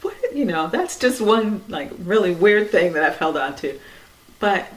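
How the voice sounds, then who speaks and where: A woman giving a reflective spiritual talk in a conversational way, with many "you know"s, soft laughs, and quiet trailing phrases. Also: fairly low pitch, animated, measured pace, low-quality recording. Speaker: dharma talk speaker.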